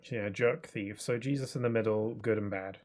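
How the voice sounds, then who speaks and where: A man's voice: lowish voice, fairly even intonation, normal speed, darkish tone. A young man in his twenties chatting casually while streaming a game, rambling with lots of fillers and restarts. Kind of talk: casual live-stream gaming chat.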